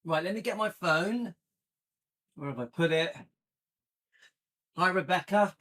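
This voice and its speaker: British guy in his 50s running a live chat, a bit higher voice, lots of ums and restarts. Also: measured pace, a bit bright. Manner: rambling, searching for words. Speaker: channel host. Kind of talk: casual livestream chat.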